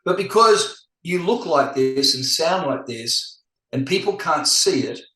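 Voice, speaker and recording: Candid, animated middle-aged man in an echoey room. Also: a little high, measured pace. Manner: candid, animated storyteller who acts out quoted voices. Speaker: guest. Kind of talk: casual podcast conversation.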